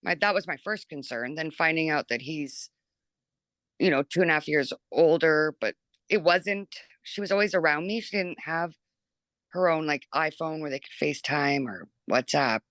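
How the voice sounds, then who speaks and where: A middle-aged woman, a mother telling her story in an interview, chatty and animated, filling her talk with 'like' and acting out what people said. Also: low voice, moderate pace, dry recording. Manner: chatty and animated, full of 'like' and acted-out quotes. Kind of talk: emotional personal recollection.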